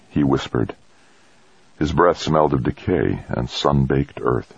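Very deep, gravelly male narrator. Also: a little slow, no room sound. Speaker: audiobook narrator. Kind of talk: scripted narration. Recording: dull lo-fi dry recording.

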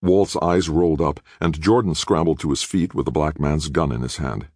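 Very deep-voiced male narrator, dry. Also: normal speed, a little mellow, no room sound. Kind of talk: audiobook narration.

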